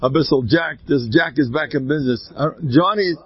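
A man giving an informal inspirational talk full of stories, with an animated delivery that swoops up high and then drops to quiet asides. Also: a little fast, husky, no room sound. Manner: animated, swooping pitch, sudden quiet drops, laughs between points. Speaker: inspirational speaker. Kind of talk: informal Jewish ethical talk with storytelling. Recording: dull lo-fi dry recording.

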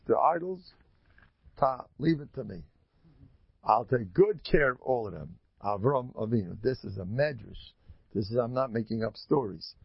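A man teaching a Torah class, telling the stories in an animated way and acting out the characters. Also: medium pitch, gravelly, breathy edge, dry recording, muffled recording.

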